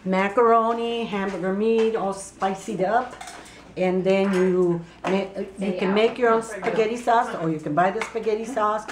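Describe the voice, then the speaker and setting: A woman's voice: mid-range voice, steady tone, measured pace, roomy sound, noisy background. A woman in a home kitchen, explaining step by step in a matter-of-fact way. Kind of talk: casual chat.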